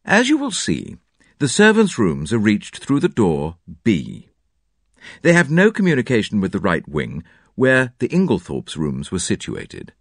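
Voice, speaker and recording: A man narrating a classic detective novel in an expressive, dramatic storytelling manner. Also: fairly low pitch, measured pace, no echo, studio quality. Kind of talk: audiobook narration.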